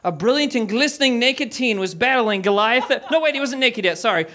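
A man's voice: very high-pitched, expressive, brisk, bright, forceful tone. A man comedian reading a mock-dramatic story on a comedy theater stage, breaking off for sheepish asides. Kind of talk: comic reading to a live audience.

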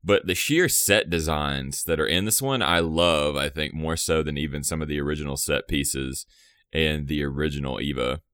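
A man's voice: a bass voice, normal speed, a bit bright, no echo, clean studio sound. A man in casual podcast chat, rambling and laughing often, trailing off mid-thought.

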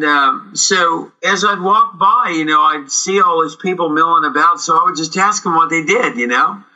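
A middle-aged man from Canada, a guest actor telling lively anecdotes and acting out quoted dialogue. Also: fairly high pitch, lo-fi sound. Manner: animated, acts out quoted dialogue. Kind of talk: casual storytelling interview.

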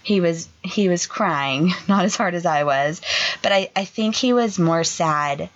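A young adult woman, a podcast co-host, tells an emotional personal story in a halting way, full of "like" fillers. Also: lowish voice. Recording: dull lo-fi sound.

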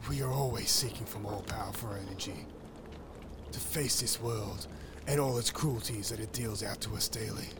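A man as a gravelly mock-epic wizard. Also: fairly low pitch, normal speed, background noise, natural voice. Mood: brooding. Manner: solemn, mock-epic, later shouting proclamations. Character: wizard narrator, devout, obsessive, later frenzied. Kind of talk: first-person dramatic storytelling.

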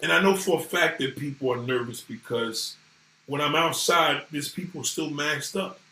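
A man ranting casually to viewers, animated and swearing freely. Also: a little high, normal speed. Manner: animated, swearing, voices others in quotes. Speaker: vlogger talking to viewers. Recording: echoey room.

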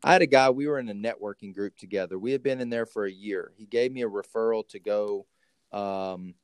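A man from Texas hosting a casual recovery podcast from home over a call, telling stories in an animated way with many restarts. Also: on the low side, brisk, smooth, dry recording. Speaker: podcast host.

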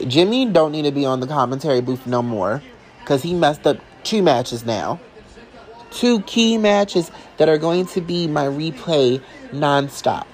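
A man reacting live as a fan, excitable and emotional, talking casually and sassily to his viewers. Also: on the high side, low-quality recording. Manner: casual and sassy, calls listeners y'all and honey. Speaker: wrestling fan vlogger.

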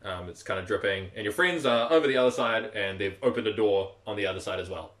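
A man's voice: fairly low pitch, fast talker, fairly bright tone. A man narrating a tabletop game as game master in a loose, chatty way with many fillers.

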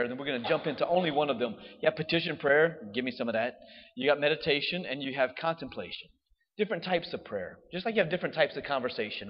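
A man's voice: on the high side, in a large hall, dull audio. A man, a priest giving a casual homily, chatty and laughing as he tells stories. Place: church.

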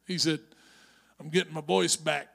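A male pastor preaching a sermon in church, moving from conversational storytelling to shouted exhortation. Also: a little high, steady tone, normal speed, gravelly. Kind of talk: Pentecostal-style preaching. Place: church sanctuary.

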